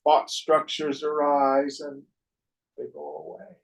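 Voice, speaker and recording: A man giving a slow, measured spiritual talk on scripture, his voice trailing off softly at the ends of phrases. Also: fairly high pitch, monotone, low-quality recording. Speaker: spiritual teacher.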